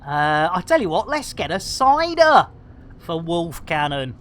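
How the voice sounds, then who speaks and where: A man chatting while streaming a game, rambling and joking with slang, giving lively shout-outs to his viewers. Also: high-pitched, a little slow. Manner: chatty, jokey, rambling, full of British slang. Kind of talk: live-stream game commentary.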